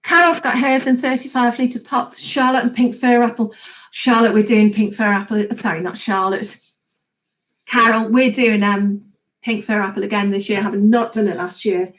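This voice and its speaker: Woman on a garden live stream, slightly high voice, chatty, laughs a lot. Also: fairly even intonation, moderate pace, rough recording. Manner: chatty, laughs often, reads comments aloud. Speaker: host of a gardening live chat. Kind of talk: casual live-stream chat reading viewer comments.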